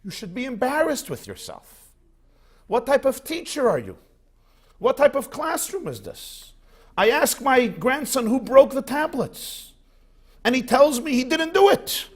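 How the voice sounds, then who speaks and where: A man voicing an indignant elderly grandfather who loudly demands answers. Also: fairly high pitch, animated, moderate pace, few pauses. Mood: outraged. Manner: shouting, outraged.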